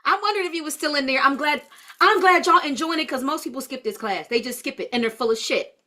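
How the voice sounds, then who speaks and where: A woman's voice: high-pitched, fast talker, pushed and bright. A woman leading a live-streamed holistic health class, chatty and blunt, answering viewer comments as she goes.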